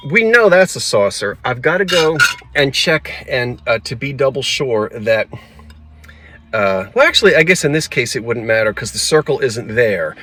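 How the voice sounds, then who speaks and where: A middle-aged man with a South Jersey lilt rambles on to himself as he picks through shelves in a thrift store. His voice sits at an ordinary pitch for a man, and he picks it up close on a phone he holds himself. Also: big pitch swings, normal speed, pushed and bright. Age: 40s to 50s. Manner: chatty, talks to himself while browsing. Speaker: antiques vlogger. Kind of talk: casual thrifting vlog. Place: thrift store aisles, then a parked car.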